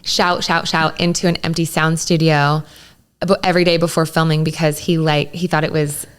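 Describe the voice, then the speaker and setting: A woman co-hosting a podcast in a casual chat, a little under the weather and hoarse, with playful quick asides. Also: low-pitched, level tone. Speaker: podcast co-host.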